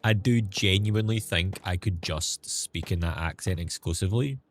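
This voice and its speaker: Man, low-pitched, live-stream chat, sarcastic, swearing, faint background music. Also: normal speed.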